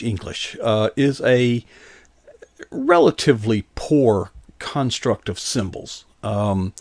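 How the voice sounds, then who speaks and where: Gravelly-voiced man hosting a chat. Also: on the low side, a little mellow, no echo. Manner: rambling, takes detours. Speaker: host. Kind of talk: casual interview chat.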